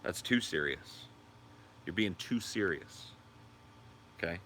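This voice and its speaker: Deep bright-toned man chatting on a stream. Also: animated, takes it slowly, a little hiss or hum. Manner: rambling, profane, answers viewer comments; high sing-song baby talk to his dog. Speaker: livestream host. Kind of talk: casual livestream chat.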